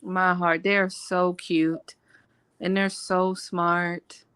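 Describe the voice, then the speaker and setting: A woman hosting a casual video-call chat, telling animated stories and acting out what people said. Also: on the low side, very slow, smooth, no echo. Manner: animated storyteller who acts out quotes. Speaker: reading sprint host.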